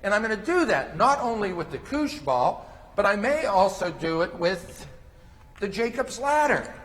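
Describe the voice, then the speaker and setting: Lively man lecturing in a reverberant hall. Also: high-pitched, moderate pace. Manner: explains step by step while demonstrating with toys. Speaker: conference presenter on mand training. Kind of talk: lecture with live demonstration. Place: conference session room.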